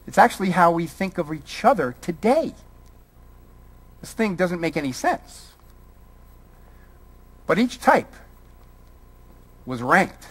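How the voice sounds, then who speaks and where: A man from Brooklyn giving a college lecture, firing a string of rhetorical questions at the audience. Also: high voice. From Brooklyn, New York. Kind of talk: public lecture.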